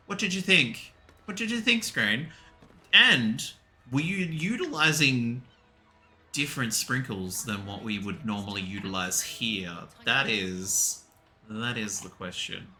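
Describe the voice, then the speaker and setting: A man's voice: fairly low pitch, lively intonation, a little slow, pushed and bright, a little hiss or hum. A man streaming a game, chatting casually with his viewers, laughing often and answering chat.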